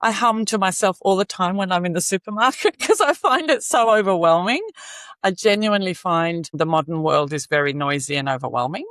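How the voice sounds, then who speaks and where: A woman, a guest on a podcast, explaining earnestly with frequent "you know" fillers and soft laughs. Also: on the low side, lively intonation, a little fast, no room sound. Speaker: singing advocate guest. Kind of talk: podcast interview.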